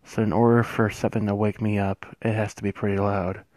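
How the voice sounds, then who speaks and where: A man telling a first-person horror story, hushed and suspenseful, with drawn-out pauses. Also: lowish voice, level tone, dry recording.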